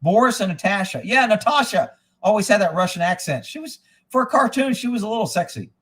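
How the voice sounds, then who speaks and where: Male livestream host, slightly raised pitch, swears freely, rambles from one topic to the next. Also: lively intonation, brisk, a bit bright, slightly rough. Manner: profane, rambling, blunt. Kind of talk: casual rambling livestream talk. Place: indoors at a rural home.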